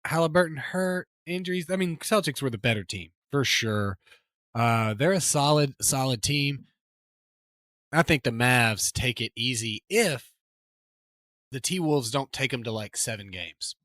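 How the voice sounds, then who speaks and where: A man's voice: medium pitch, expressive, unhurried, fairly bright tone, no room sound. A man co-hosting a sports podcast in casual chat, talking in an emphatic, rambling way with many restarts. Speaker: podcast co-host.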